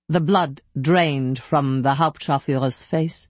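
A woman's voice: extremely low pitch, measured pace, few pauses, a little mellow, no echo. Dry, close woman narrating an audiobook. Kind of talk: first-person scripted narration.

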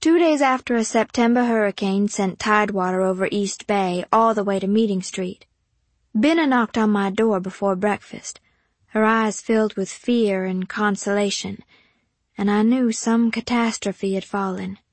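A woman's voice: medium pitch, normal speed, no echo. Woman narrating a poised audiobook. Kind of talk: first-person audiobook narration.

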